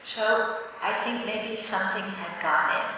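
A woman Buddhist teacher giving a dharma talk, telling stories in a plain, direct and measured way. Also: mid-range voice, very noisy. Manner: conversational storytelling with light laughter. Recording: echoey hall from far off.

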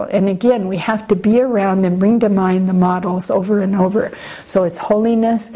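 A woman teaching Buddhist practice in an informal dharma talk. She talks in a conversational, gently humorous way and often turns to her listeners with asides. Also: mid-range voice, steady tone, a little slow. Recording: slightly muffled lo-fi recording.

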